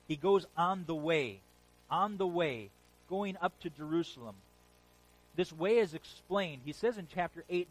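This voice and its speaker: A man's voice: fairly high pitch, slight background noise, poor audio. A man preaching a sermon, telling stories with animation and repeating phrases for emphasis. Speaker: pastor.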